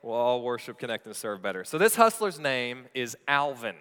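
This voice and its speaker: A man's voice: medium pitch, big pitch swings, normal speed, pushed and bright, clean tone, in a large hall. A man preaching a sermon in a church, telling a story with playful asides to the congregation. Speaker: pastor. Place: church sanctuary.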